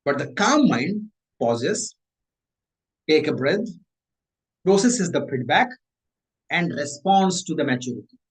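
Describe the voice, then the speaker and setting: Man, motivational coach, lively rising and falling pitch, slightly high voice. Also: slow, pauses often, rough recording. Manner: repeats and rephrases points, animated emphasis. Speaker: mindset coach. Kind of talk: motivational talk.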